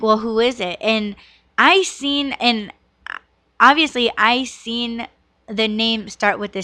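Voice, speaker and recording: A woman's voice: a little high, fairly bright tone, no room sound. Emotional rambling woman telling a story. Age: 30s. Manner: rambling, emotional, swears a lot, fillers like "like" and "you know". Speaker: podcast host. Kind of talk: casual storytelling monologue.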